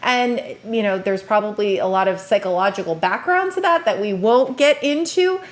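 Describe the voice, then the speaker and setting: A woman's voice: medium pitch, lively intonation, moderate pace. A woman in her thirties, an educator, giving casual reaction commentary and acting out parents' and children's lines.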